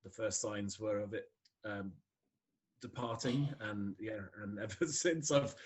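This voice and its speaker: Scottish-born guy who sounds neutral english, lowish voice, chatty, laughs a lot, lots of ums. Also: a little slow. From Scotland. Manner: chatty, laughs often, many fillers. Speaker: podcast guest. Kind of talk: casual conversation.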